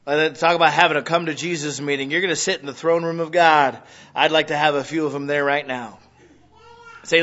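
A man's voice: a little high, fairly even intonation, normal speed, a bit bright. A man preaching a sermon as a pastor, joking and acting out little scenes with quoted voices. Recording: roomy, dull lo-fi sound.

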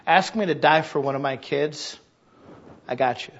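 A man preaching a sermon as pastor in a church, candid and self-deprecating, swinging from quiet confiding to loud impassioned preaching. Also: on the high side, normal speed, muffled recording. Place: church sanctuary.

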